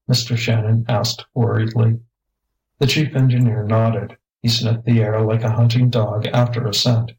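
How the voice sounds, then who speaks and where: A man narrating a children's adventure story as an audiobook, even and unhurried. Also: mid-range voice, poor audio. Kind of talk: scripted narration.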